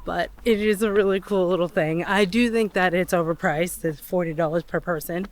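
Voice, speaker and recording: A woman's voice: lowish voice, fairly even intonation, moderate pace. A young woman narrating a casual travel vlog while walking around outdoors, chatty and rambling. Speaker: travel vlogger. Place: outdoors on a day trip, walking.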